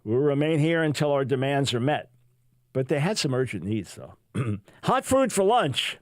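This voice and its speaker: A man's voice: medium pitch, normal speed, no echo. A man hosting a talk radio show, delivering a sarcastic, mocking monologue in a studio. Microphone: studio microphone.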